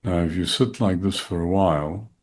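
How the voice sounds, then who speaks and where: A middle-aged man, a shaikh, speaking slowly and softly as he leads a guided meditation and dhikr. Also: sits low, husky. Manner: slow, soft-spoken, calm guiding voice.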